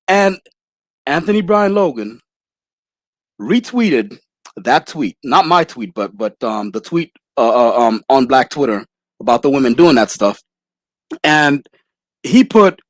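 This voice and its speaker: A man hosting a casual livestream chat, animated and laughing often. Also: on the high side, unhurried, no room sound. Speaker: livestream host.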